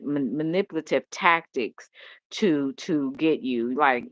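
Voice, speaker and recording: A woman's voice: deep voice, slow, dry recording, highs cut off. A woman host talking candidly in a rambling casual chat, laughing often. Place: home.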